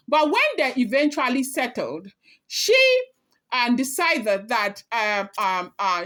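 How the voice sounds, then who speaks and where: A woman talking casually as a celebrity gossip blogger, chatty and emphatic, speaking straight to her viewers. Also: a little high.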